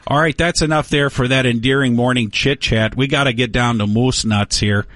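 A man voicing a loud, folksy male Canadian morning radio host, rambling and slangy with a put-on Canadian accent. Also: mid-range voice, steady tone, moderate pace, dry recording, clean studio sound, voice pushed down, close to an everyday voice. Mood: hearty. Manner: rambling, slangy, tacks on "eh" and "there".

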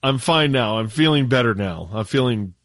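A man from the United States, a radio show regular, chatting casually on air in a laid-back, halting way with frequent laughs. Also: medium pitch, expressive, fairly bright tone, no echo, studio quality.

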